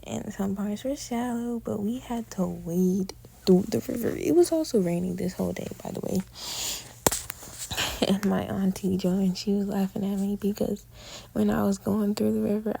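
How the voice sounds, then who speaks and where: Very gravelly young woman vlogging. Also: medium pitch, steady tone, normal speed, mellow, low-quality recording. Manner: chatty, loose slangy storytelling. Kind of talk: casual travel vlog narration.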